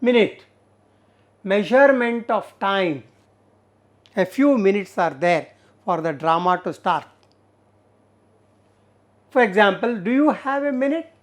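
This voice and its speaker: A woman with an Indian English accent teaching an English lesson, explaining slowly with many fillers and repeated words. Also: mid-range voice, expressive. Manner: slow, repetitive explaining with frequent fillers. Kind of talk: recorded classroom lesson.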